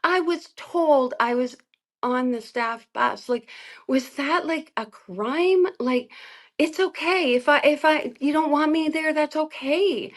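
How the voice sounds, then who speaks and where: Earnest woman with a higher voice. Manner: earnest, halting, many fillers. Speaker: interview guest. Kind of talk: emotional personal testimony.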